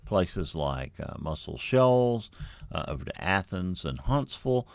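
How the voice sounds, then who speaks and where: Male meteorologist, deep and lively, dry close sound, easygoing and folksy. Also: unhurried, vocal fry, dry recording. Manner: relaxed, folksy, many fillers. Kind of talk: unscripted weather briefing.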